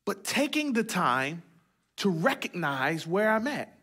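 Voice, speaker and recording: A male pastor preaching with a high, bright, forceful voice. He talks in a loose, conversational way, joking with the congregation and repeating lines for emphasis. His prayers come out in short, emphatic phrases. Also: sing-song, unhurried, breathy edge. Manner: conversational preaching with humor and repetition. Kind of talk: sermon.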